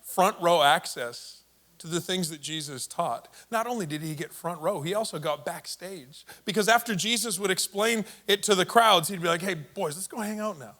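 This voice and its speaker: A man's voice: high voice, normal speed, sharp tone. A man preaching a sermon as a pastor, telling stories in a casual, playful conversational way. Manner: conversational storytelling, playful asides.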